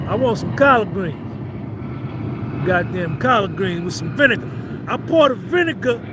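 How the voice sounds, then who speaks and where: Jersey-accented male streamer, very high pitch, loose profane banter with chat, faint street noise. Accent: New Jersey. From New Jersey. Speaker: livestream host. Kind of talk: casual livestream chat with viewers.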